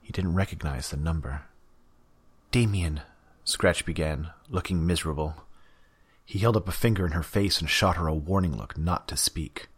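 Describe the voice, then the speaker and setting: A man narrating an audiobook in a steady, even reading. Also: very deep voice, moderate pace, slightly rough.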